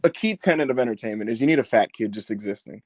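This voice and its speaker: Animated man telling a fan story. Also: mid-range voice, quick pace. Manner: animated storyteller, loud impressions of fans. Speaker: podcast co-host. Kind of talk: casual chat. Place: in Newark.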